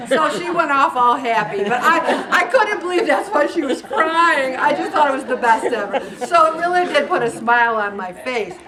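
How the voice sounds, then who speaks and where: A woman's voice: sits high, moderate pace, hardly any pauses, far from the mic, crowd noise. A woman in her sixties from Syracuse, New York, giving a casual inspirational talk to her group and acting out the people in her stories. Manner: lively storyteller, acts out dialogue. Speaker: weight loss group leader.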